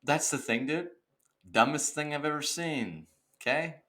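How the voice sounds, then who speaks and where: A young man co-hosting a podcast, telling a story in a casual, animated rant and saying "dude" and "okay" a lot. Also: a little high, a little slow. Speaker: podcast co-host. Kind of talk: casual chat.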